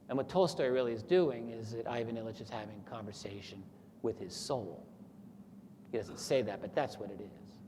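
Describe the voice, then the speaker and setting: A man's voice: medium pitch, normal speed. A man giving a lecture who retells a story in an earnest way and acts out the quoted thoughts. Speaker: speaker at a talk. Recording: echoey hall with faint noise.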